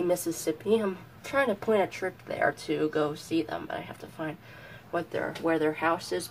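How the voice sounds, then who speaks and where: A man's voice: a little high, a little hiss or hum. A male vlogger giving a casual show-and-tell from his bedroom, chatty and rambling, often correcting himself mid-sentence. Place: bedroom at home.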